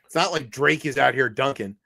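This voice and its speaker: A man's voice: mid-range voice, fairly quick, gravelly, bright, forceful tone. A man co-hosting a comedic news podcast, rambling and joking with lots of restarts and mock quotes. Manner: rambling, jokey, many restarts and put-on quotes. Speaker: podcast co-host.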